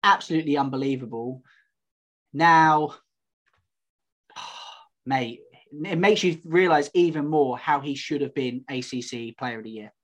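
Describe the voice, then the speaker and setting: A man's voice: mid-range voice, a little slow, long pauses, a bit bright. Easygoing man, says "mate". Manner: easygoing, laughs often, says "mate" a lot. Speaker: podcast co-host. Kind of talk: casual sports chat.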